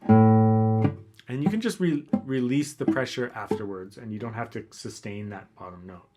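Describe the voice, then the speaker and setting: A man teaching a guitar lesson, explaining calmly and counting beats aloud as he demonstrates. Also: on the low side, moderate pace. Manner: relaxed, counts beats aloud while playing. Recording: faint guitar playing behind.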